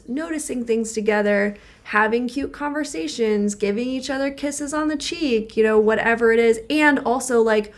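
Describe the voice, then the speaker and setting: A woman co-hosting a relationship podcast as a therapist, explaining ideas through everyday examples with lots of filler words. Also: on the high side. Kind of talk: casual podcast conversation.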